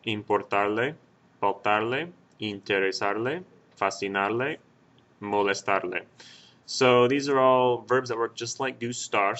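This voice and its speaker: Patient man teaching Spanish grammar, low voice. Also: a bit bright. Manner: patient explaining with fillers and self-corrections. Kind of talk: screen-recorded grammar lesson.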